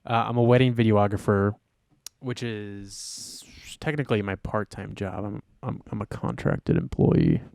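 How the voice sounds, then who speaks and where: A man's voice: fairly low pitch, big pitch swings, measured pace, creaky, darkish tone, no echo, studio quality. Tired, rambling man co-hosting a podcast. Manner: chatty, rambling with fillers and restarts. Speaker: podcast co-host. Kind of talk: casual chat.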